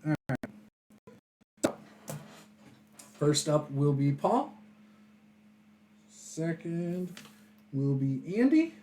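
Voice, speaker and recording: A man runs a tabletop session as game master, his pitch swinging widely as he talks. He describes the scene with lively energy and laughs easily. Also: extremely slow, long pauses, slight background noise.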